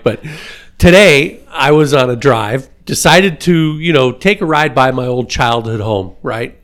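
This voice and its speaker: A man's voice: medium pitch, a bit bright. A man, guest on a podcast, telling a joke as an easygoing anecdote.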